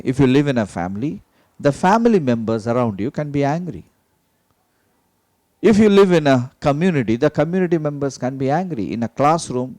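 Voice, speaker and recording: A man's voice: mid-range voice, a little mellow, dry recording. A man giving an emphatic motivational teaching talk, repeating key phrases and asking rhetorical questions. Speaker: motivational speaker.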